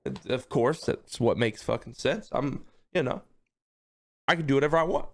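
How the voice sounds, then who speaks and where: A man's voice: mid-range voice, normal speed. A man livestreaming, telling a long funny story to his chat in a casual, profane way, laughing often and tacking "okay?" onto his sentences. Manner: animated, profane, keeps checking in with "okay?".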